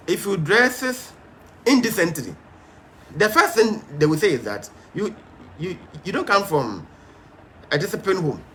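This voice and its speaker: A man's voice: fairly high pitch, bright, forceful tone. A man teaching a Bible study in an emphatic, stern, repetitive way, with frequent fillers.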